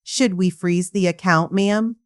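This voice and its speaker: Brief: polite, detached male banker, voiced by a woman storyteller, slightly low voice. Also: steady tone, a little slow, clear, resonant tone, close to an everyday voice. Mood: formal. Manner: professional, cold. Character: polite male bank officer on phone.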